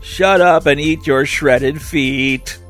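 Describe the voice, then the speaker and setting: A man's voice: mid-range voice, steady tone, slow, creaky, faint music behind. A man voicing a tired zombie mother who talks in a weary, moaning, curt tone.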